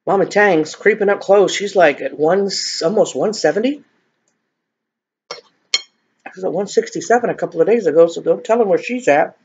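A woman's voice: fairly low pitch, quick pace, a little mellow, a little hiss or hum. A middle-aged woman chatting casually to viewers while eating, joking about herself. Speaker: mukbang vlogger. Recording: dull lo-fi home recording.

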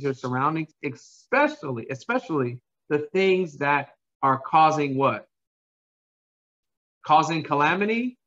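Male pastor, passionate sermon, raised pitch, dull lo-fi recording. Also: a bit bright. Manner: impassioned, repeats phrases, asks the congregation to answer. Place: church. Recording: dull lo-fi sound.

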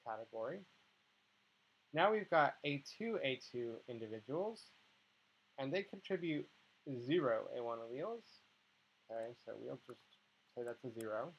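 A man's voice: a little high, husky. Patient man explaining step by step, dull sound. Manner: patient, explains step by step, checks in with "okay" and "right". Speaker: biology instructor. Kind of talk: tutorial walkthrough.

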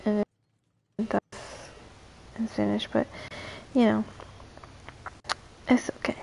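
A young woman chatting casually on a late-night livestream, drowsy and slow, her voice low and gravelly tonight. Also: flat delivery, dark tone, a little hiss or hum, rough recording.

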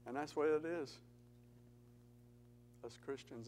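A man's voice: medium pitch, steady tone, normal speed, long pauses, a little mellow, slight background noise, rough recording. A man giving an earnest testimony talk in church, telling stories with rising emphasis. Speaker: Gideons speaker at church.

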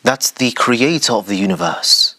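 Male host of a religious talk show; rhetorical, addresses viewers directly, mid-pitched voice. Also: animated, normal speed, bright, forceful tone. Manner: rhetorical, addresses audience directly, dramatic emphasis.

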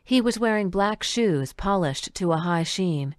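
A woman narrating an audiobook in a calm, even storytelling manner. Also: mid-range voice, unhurried, no room sound, clean studio sound. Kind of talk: audiobook reading.

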